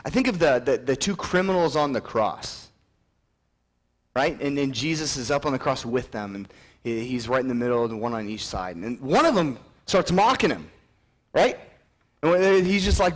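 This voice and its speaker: Animated male preacher telling stories. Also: moderate pace. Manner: animated storytelling, acting out quoted voices; drops to a soft, earnest low voice when appealing. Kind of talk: sermon.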